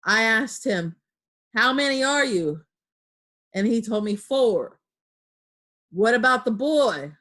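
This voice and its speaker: A woman's voice: fairly high pitch, lively intonation, slow pace, long pauses, fairly bright tone. A woman reading as Long John Silver, sly pirate. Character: long john silver, older male pirate cook, cunning.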